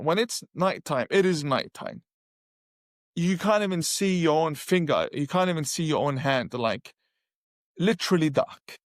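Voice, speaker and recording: A man's voice: on the high side, dry recording, studio quality. Emphatic man telling his story. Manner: emphatic, acts out his own past words. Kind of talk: personal storytelling.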